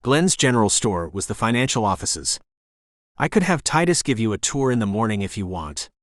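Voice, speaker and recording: A man voicing an energetic woman in her sixties who runs a bed and breakfast, speaking rapid-fire with a faint Jamaican accent. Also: fairly low pitch, no room sound, clean studio sound. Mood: chatty.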